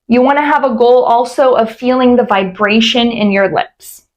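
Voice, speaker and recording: Higher-voiced woman teaching voice exercises. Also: normal speed, highs cut off. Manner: clear, explanatory, demonstrates sung glides. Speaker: voice coach. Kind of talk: instructional voice exercise lesson.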